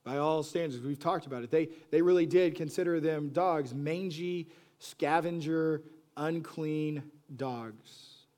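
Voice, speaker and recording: Animated, fairly high-voiced male preacher. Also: unhurried. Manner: swings from soft, hushed lines to loud animated bursts; acts out quoted voices with pleading repetition. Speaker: pastor. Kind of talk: sermon.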